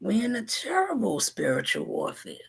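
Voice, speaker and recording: A woman delivering a spiritual message in a rhythmic, repetitive way, slipping between whispers and loud asides. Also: on the high side, wildly swooping pitch, moderate pace, vocal fry, slightly rough. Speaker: spiritual channel host.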